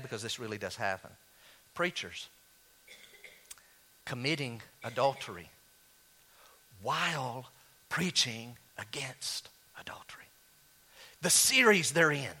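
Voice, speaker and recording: Animated, bright-voiced male pastor preaching. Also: a little slow, pauses often. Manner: animated, rising to high exclaims, then dropping low and quiet. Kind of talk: sermon.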